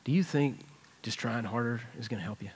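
A man's voice: mid-range voice, fairly quick, slightly rough. A man preaching a sermon in a church, conversational and earnest as he retells a personal story. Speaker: pastor. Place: church sanctuary.

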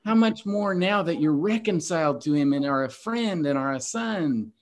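Guy hosting a bible podcast, earnest preachy delivery, kinda high voice. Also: lively intonation, moderate pace. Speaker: host.

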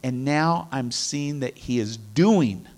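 A man's voice: medium pitch, lively intonation, slow, darkish tone. A middle-aged man teaching from the Bible in an earnest, conversational way, repeating his key phrases. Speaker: preacher.

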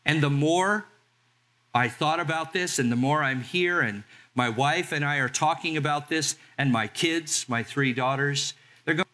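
A man in his sixties from Southern California, a pastor preaching a sermon in a conversational way and slowing down to read scripture. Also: a little high, sharp tone. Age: 60s. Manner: conversational, reads scripture slowly.

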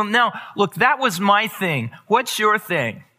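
A man with a bright, fairly high voice gives a personal testimony in a sermon. He speaks candidly and confessionally, growing emphatic when he drives a point home. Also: lively intonation, moderate pace. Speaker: pastor.

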